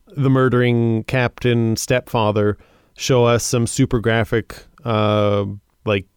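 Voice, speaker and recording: A man's voice: mid-range voice, clear, resonant tone, no echo, clean studio sound. A man co-hosting a casual film review podcast, talking in a chatty way with frequent stammering restarts. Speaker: podcast co-host.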